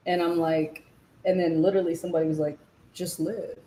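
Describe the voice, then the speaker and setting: A woman's voice: low-pitched, little pitch movement, quick pace, warm tone, echoey room, slight background noise, poor audio. A young woman musician as a guest, talking loosely with slang and lots of fillers. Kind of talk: casual chat while eating. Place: Los Angeles.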